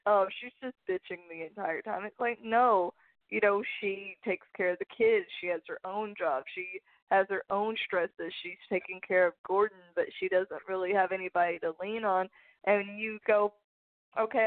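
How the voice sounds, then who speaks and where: A woman co-host walks through a favorite scene from a series in a loose, rambling way, quoting her own reactions as she goes. Her pitch is middle-range. The recording is narrow and phone-like. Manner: rambling, conversational retelling with quoted reactions. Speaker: podcast co-host. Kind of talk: casual podcast chat about a TV show.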